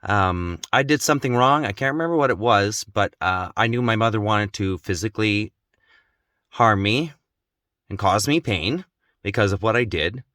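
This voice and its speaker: An adult man telling a personal story in an emotional, intense way, growing slow and quiet at its gravest. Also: on the low side, no echo, studio quality. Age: adult, has children. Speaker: vlogger.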